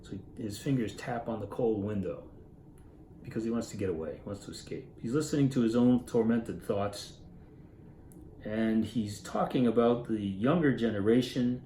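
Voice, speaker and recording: A man's voice: medium pitch, mellow, echoey room, slight background noise, poor audio. A man retelling and explaining a classic story in an earnest, informal way, musing aloud and correcting himself as he goes. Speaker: literature reader explaining a story. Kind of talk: informal story summary and commentary.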